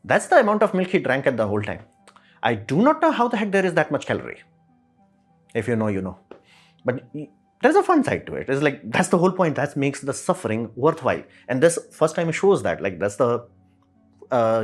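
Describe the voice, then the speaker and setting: A man's voice: mid-range voice, wildly swooping pitch, fairly quick, husky, soft background music. A man giving a casual opinion monologue as a commentator, rambling and repeating "it's like" with many fillers.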